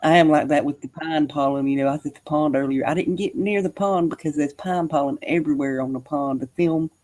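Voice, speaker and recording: Laid-back, higher-voiced man hosting a stream. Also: fairly quick. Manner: laid-back, short replies and soft laughs. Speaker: live-stream host painting. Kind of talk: casual chat.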